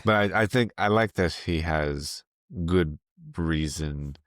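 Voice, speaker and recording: A man co-hosting a film podcast in casual chat, halting and restarting mid-sentence, laughing at himself. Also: very deep voice, dry recording, studio quality. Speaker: podcast co-host.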